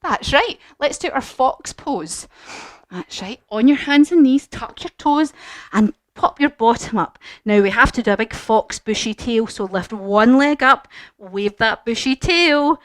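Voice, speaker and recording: A woman's voice: fairly high pitch, animated, unhurried, dry recording, clean studio sound. A woman leading a children's yoga class through a story, singsong and encouraging.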